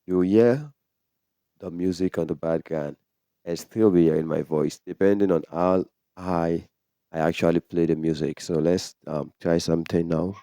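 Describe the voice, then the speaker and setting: Deep-voiced man explaining audio gear. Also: moderate pace, clear, resonant tone, no room sound, clean studio sound. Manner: relaxed, explains step by step with many "so"s. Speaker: tech tutorial host. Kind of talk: casual how-to demonstration. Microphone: condenser microphone through a sound card.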